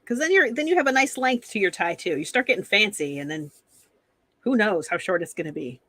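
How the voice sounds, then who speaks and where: A woman's voice: medium pitch, lively intonation, fairly quick, a bit bright, no echo. A woman co-hosting a casual chat, playful and giggly. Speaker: podcast co-host.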